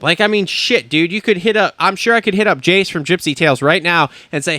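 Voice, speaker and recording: A man's voice: high voice, brisk, few pauses, pushed and bright, dry recording. A man hosting a podcast from a studio, ranting in a blunt, profane and indignant way. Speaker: podcast host. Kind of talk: heated podcast rant.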